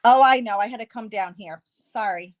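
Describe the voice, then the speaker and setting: A woman's voice: fairly high pitch, moderate pace. A woman hosting a card-making tutorial, chatting casually and correcting herself as she works through measurements. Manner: chatty, self-correcting, thinking aloud.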